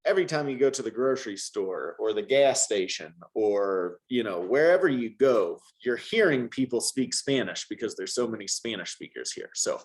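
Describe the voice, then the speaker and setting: Man, Spanish teacher, encouraging, patient, mid pitch. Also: animated, normal speed, few pauses. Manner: patient, encouraging, models words for repetition. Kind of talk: one-on-one language lesson.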